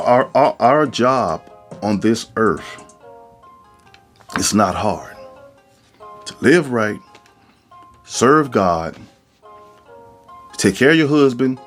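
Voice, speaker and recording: A man hosting a podcast in a casual, animated monologue, preaching about relationships and acting out quoted voices. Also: lowish voice. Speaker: podcast host.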